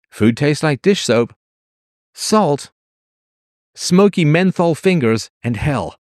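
A man's voice: on the high side, animated, takes it slowly, pauses often, a little mellow, no room sound, clean studio sound. A man from England telling a rambling comic story, sardonic and full of exaggeration.

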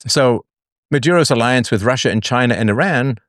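A man's voice: mid-range voice, fairly quick, a bit bright, no room sound, studio quality. A man from England hosting a call-in show, talking casually with many fillers and restarts.

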